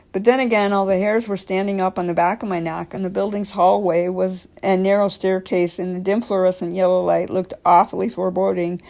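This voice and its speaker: A woman around forty with a scratchy, raspy throat, reading creepy stories aloud with chatty asides. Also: mid-range voice, warm tone. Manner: chatty asides, filler-laden. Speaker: story reader.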